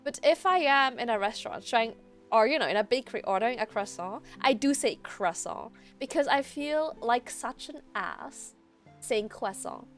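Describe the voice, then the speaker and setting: A woman's voice: a little high, animated, moderate pace, soft background music. A woman streamer whose first language is French, chatting casually and rambling over a game she is playing. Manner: chatty, rambling, laughs easily. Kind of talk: casual gameplay commentary.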